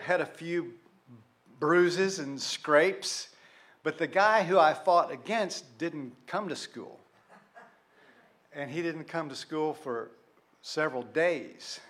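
A man's voice: on the high side, fairly bright tone. A man, preaching a sermon and telling a story from his youth in a conversational way, full of rhetorical questions. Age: 60s. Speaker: pastor.

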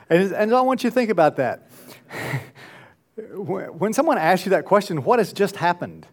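A man's voice: high-pitched, sing-song, moderate pace. A man preaching a sermon who chuckles often and acts out little bits of dialogue as he goes. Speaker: pastor.

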